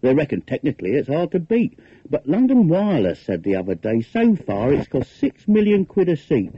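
A man's voice: on the high side, huge pitch swings, moderate pace, breathy edge, no echo, highs cut off, full character voice. An actor reading a comic poem in character as a grumbling, cynical working-class London man with a Cockney accent. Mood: wry grumbling. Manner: wry, grumbling, rhetorical questions.

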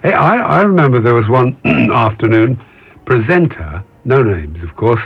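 A man's voice: mid-range voice, big pitch swings, moderate pace, husky. An older man, a former radio presenter, recalling old broadcasting mishaps with dry, wry humour. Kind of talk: reminiscing radio chat. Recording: dull muffled radio broadcast.

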